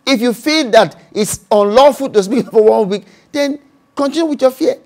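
A man's voice: extremely high pitch, normal speed. A man with a Nigerian accent, a pastor preaching a sermon and acting out voices and speaking in tongues.

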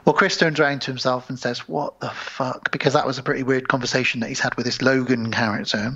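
A man's voice: medium pitch, steady tone, fast talker, sharp tone, husky, highs cut off. A man co-hosting a casual podcast, retelling film scenes and acting out the characters' lines. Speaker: podcast co-host.

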